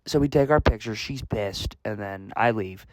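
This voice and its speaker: A man's voice: fairly low pitch, normal speed, darkish tone, no room sound. A young man from the United States telling a rambling, self-mocking story with lots of fillers and restarts. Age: young adult. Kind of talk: casual storytelling vlog.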